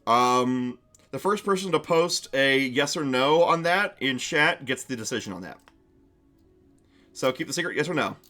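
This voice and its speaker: A man's voice: medium pitch, expressive, normal speed, sharp tone, soft background music. A man narrating a tabletop game on his stream, casual and chatty, with lots of restarts.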